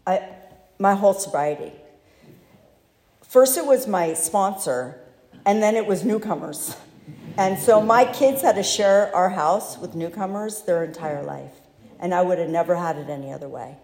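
A woman telling her own recovery story in a candid, halting, self-deprecating way, recorded in a large hall. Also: lowish voice, a little mellow. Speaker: speaker sharing recovery story. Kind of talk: personal testimony talk. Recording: echoey hall.

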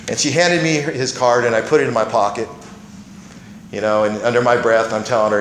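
A man's voice: medium pitch, fairly even intonation, fairly quick, fairly bright tone, reverberant, a little hiss or hum, rough recording. A middle-aged man sharing his personal testimony at a recovery meeting, rambling as a storyteller with many fillers and restarts.

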